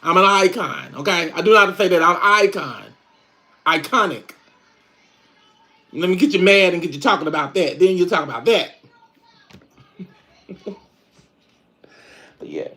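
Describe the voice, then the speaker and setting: A man's voice: high voice, lively intonation, a little slow, pauses often, pushed and bright, heavily acted. A man playing a sassy middle-aged country woman, chatting in country slang on a live stream. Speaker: livestream host. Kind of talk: casual live-stream chat.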